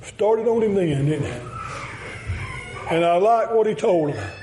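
A man's voice: high-pitched, very animated, a little slow, mellow, a little hiss or hum, rough recording. A man preaching a folksy sermon, telling stories and chuckling often.

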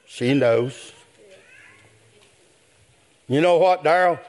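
Older preacher, slow and rhythmic. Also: male voice, on the high side. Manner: rhythmic preaching, rising to a shout. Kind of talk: sermon.

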